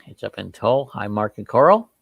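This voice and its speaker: Gravelly folksy man hosting a live chat. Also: lowish voice, sing-song, normal speed, no echo, phone-quality sound. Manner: folksy, rambling, chuckling, drawled grammar. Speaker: livestream host. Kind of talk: casual livestream chat reading viewer comments.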